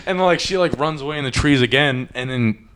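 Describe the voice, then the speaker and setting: A man's voice: mid-range voice, brisk, smooth. Man, podcast host, casual crude storytelling, acts out quotes. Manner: rambling, crude, animated retelling with quoted voices.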